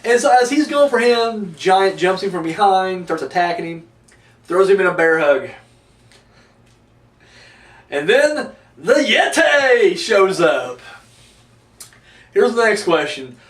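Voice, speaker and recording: A man's voice: high voice, sing-song, slow pace, pauses often, a bit bright. Rambling, profane man in echoey room. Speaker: wrestling reviewer. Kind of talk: casual video review. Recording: echoey room, distant mic.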